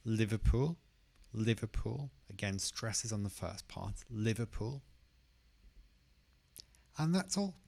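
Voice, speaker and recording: A man teaching English pronunciation, who says each word slowly and carefully and repeats it twice. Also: lowish voice, expressive, gravelly, darkish tone. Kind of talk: pronunciation lesson.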